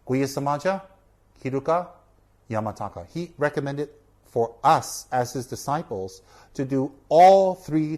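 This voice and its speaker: A man's voice: mid-range voice, a little mellow. Earnest man giving a Buddhist teaching. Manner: earnest, repeats for emphasis, asks "okay?". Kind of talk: informal teaching talk to camera.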